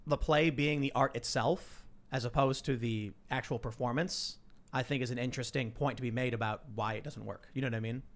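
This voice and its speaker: A man's voice: medium pitch, steady tone. Podcast host guy reading out chat messages, easygoing, medium voice. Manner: quick, conversational, uses fillers. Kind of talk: casual chat, reading viewer messages aloud.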